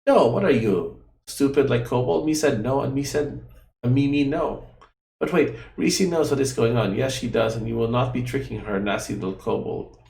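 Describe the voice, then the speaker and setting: A man's voice: mid-range voice, normal speed, vocal fry, darkish tone, reverberant, lightly acted. A man voicing a fretful childlike female guardian. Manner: talks about herself in the third person, broken grammar.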